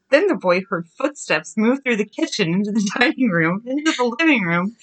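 Podcast host mom in her thirties, reads spooky tales aloud, giggly, drawn-out groans, very animated pitch. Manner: lively, giggly, groans the ghost's lines slowly. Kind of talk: reading scary stories aloud to her daughter.

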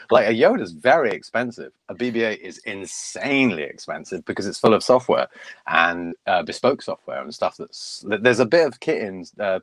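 A man's voice: lowish voice, lively intonation, normal speed, breathy edge, dry recording. A middle-aged man, a puppeteer, chatting enthusiastically on a video call from his home loft. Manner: chatty, enthusiastic, self-deprecating. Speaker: puppeteer guest. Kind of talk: casual interview on video call.

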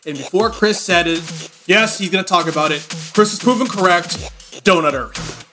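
A man hosting a casual movie review podcast, animated and laughing often, reading out a film synopsis. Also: high voice, a little fast, over music. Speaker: podcast host.

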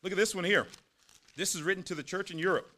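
A man preaching a morning sermon, animated, with sarcastic asides and words repeated when he gets going. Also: high-pitched, fast talker, slight background noise. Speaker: pastor.

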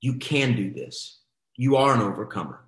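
A man's voice: mid-range voice, moderate pace, a bit bright, echoey room. A middle-aged man telling a motivational story as host of a coaching boot camp, emphatic and exhorting, repeating his phrases.

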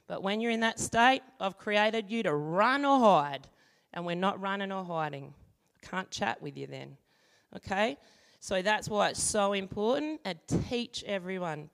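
A woman giving a sermon, moving from an animated story with acted-out voices to calm teaching and prayer. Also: mid-range voice. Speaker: church speaker. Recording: long hall reverb.

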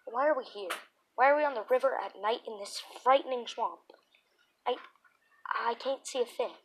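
A woman's voice: fairly high pitch, moderate pace, slight background noise, close to an everyday voice. A woman reading a nervous, snappish teenage girl. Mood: uneasy. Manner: anxious, snappish.

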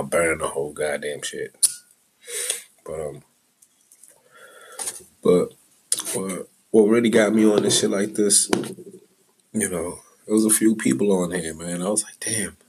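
A man's voice: deep voice, measured pace, long pauses, darkish tone, slight background noise, poor audio. A middle-aged man talking in a loose, profane, rambling monologue as a podcast host, drifting from mumbles into heated rants.

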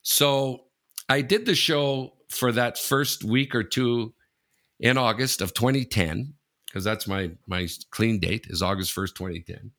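Gravelly-voiced man telling a frank story. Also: mid-range voice, measured pace, fairly bright tone. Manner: frank, swears freely, keeps addressing his co-host. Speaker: radio host telling a personal story. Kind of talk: casual podcast storytelling.

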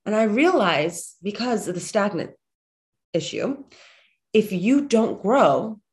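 A woman's voice: mid-range voice, slow. A woman in her thirties, slightly congested, giving a motivational monologue full of chatty personal stories, blunt and sometimes profane. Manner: animated, chatty storyteller, blunt and profane at times.

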